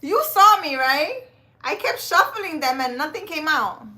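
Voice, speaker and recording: A woman's voice: high voice, expressive, measured pace, bright, forceful tone. A woman running a casual live stream, reading cards and chatting with viewers by name, laughing often. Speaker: live-stream card reader.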